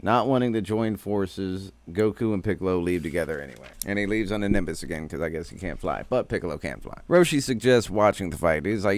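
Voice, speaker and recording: A man's voice: deep voice, expressive, fairly quick, hardly any pauses, dry recording. A man recapping an anime episode in a loose, profane, slangy and joking way. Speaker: anime reviewer.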